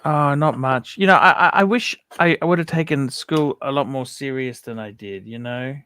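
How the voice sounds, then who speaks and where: A middle-aged Australian man hosting a casual livestream chat, blunt and quick to swear. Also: mid-range voice, pushed and bright, clean tone. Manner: blunt and profane, quick outbursts. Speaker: host.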